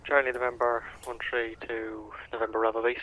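A man playing a police officer reading a plate over radio, in measured procedure. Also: mid-range voice, flat delivery, pushed and bright. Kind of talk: radio role-play. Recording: dry tinny radio line.

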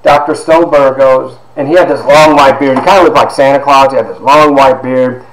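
A man, a university instructor, telling stories from his life to his class, lively and sometimes dropping into hushed asides. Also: mid-range voice, fairly quick, reverberant, crowd noise, low-quality recording. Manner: animated storyteller, drops to hushed asides. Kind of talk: storytelling lecture to a class.

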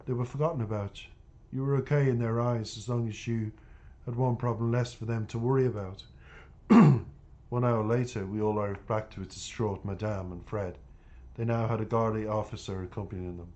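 A man reads his own novel aloud in the first person. His voice sits low, and the reading is unhurried and plain, with now and then a small stumble over a word. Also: steady tone, a little mellow, muffled recording. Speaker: author reading his book. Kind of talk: first-person audiobook narration.

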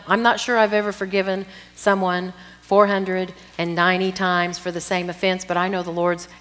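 A middle-aged woman preaching at a women's conference, teaching in a lively way with asides to the audience. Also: mid-range voice. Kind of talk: sermon. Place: conference hall. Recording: long hall reverb.

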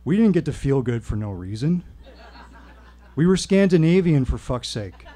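A man telling a personal story at a live reading, with wry, deadpan humor. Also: mid-range voice, normal speed. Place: stage at a live show.

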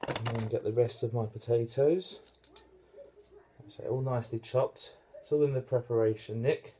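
Chatty British man with a dark voice. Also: mid-range voice, steady tone, normal speed, slight background noise. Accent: British English. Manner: chatty, joking, self-deprecating. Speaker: home cook and channel host. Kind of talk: casual cooking demonstration. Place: home kitchen in the morning.

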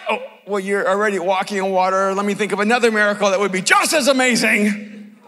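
A middle-aged male pastor preaching a sermon at a conference, telling the story with humor and sudden shouted lines. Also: high voice, lively intonation, brisk. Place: large conference hall. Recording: long hall reverb.

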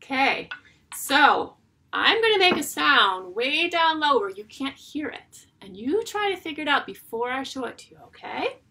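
A woman teaching an online music class for young children, talking in a slow, sing-song way with drawn-out phrases. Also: high-pitched, sing-song, pushed and bright.

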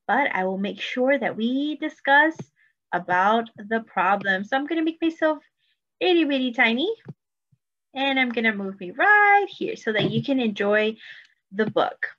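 A woman preschool teacher reading a picture book aloud, speaking slowly and encouragingly to young children. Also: a little high, expressive, a bit bright, lo-fi sound. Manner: slow, sing-song, encouraging teacher talk. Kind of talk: storybook read-aloud lesson.

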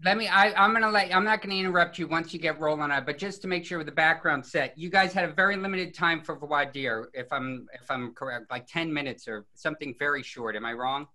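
A man moderating a panel discussion as host, halting and restarting as he frames his questions. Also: a little high, bright, forceful tone.

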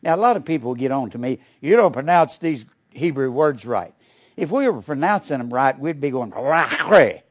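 A man's voice: mid-range voice, animated, brisk, a little mellow. An older man teaching a Bible study in a folksy, rambling way, with asides and small chuckles.

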